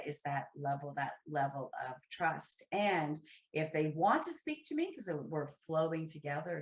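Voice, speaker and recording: A woman guest on a podcast, chatting in a lively, rambling way with restarts and side remarks. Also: low voice. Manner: animated, rambling, with restarts and asides. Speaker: podcast guest, professional dominatrix. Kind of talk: casual chat. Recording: roomy echo.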